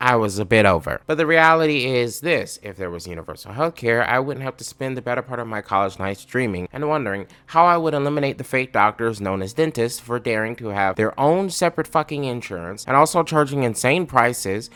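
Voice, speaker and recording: A man's voice: medium pitch, animated, brisk, few pauses, fairly bright tone, clear, resonant tone. A man hosting a comedic political video, ranting sarcastically and swearing freely. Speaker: video host.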